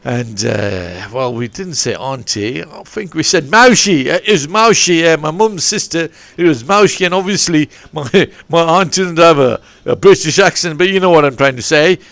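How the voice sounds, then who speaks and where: A man's voice: a little high, expressive, moderate pace, creaky, few pauses, fairly bright tone, no echo. A man coaching a sports academy, telling a long meandering story on a podcast with many restarts and digressions. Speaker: football and rugby coach. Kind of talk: rambling anecdotal podcast chat. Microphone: podcast microphone.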